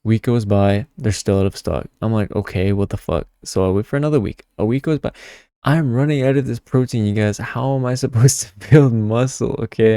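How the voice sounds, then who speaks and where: A man's voice: mid-range voice, mellow, no echo, clean studio sound. A young man telling a story to camera in casual vlog chat, swearing freely and tagging lines with "okay?". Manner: chatty, swears a lot, keeps adding "okay?". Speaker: tarot vlogger.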